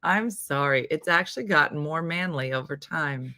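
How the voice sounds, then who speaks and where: A woman from New Jersey with a Jersey accent hosts a casual live morning stream. Her voice is a bit hoarse, and she rambles chattily and laughs at herself. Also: low voice, normal speed, bright, forceful tone, dry recording. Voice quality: slightly hoarse, husky. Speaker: morning show host.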